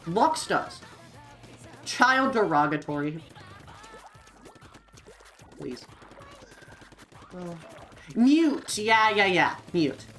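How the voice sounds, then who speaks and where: A woman's voice: fairly low pitch, extremely slow, pauses often, soft background music, low-quality recording. A young woman streaming a game and chatting casually with viewers in a rambling style, full of fillers. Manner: rambling, filler-heavy, lively.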